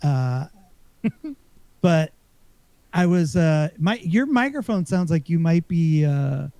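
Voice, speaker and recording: A man's voice: on the high side, big pitch swings, slow pace, darkish tone, no echo. A man co-hosting a podcast, chatting casually and rambling about a video game with lots of fillers and restarts. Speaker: podcast co-host. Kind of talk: casual gaming chat.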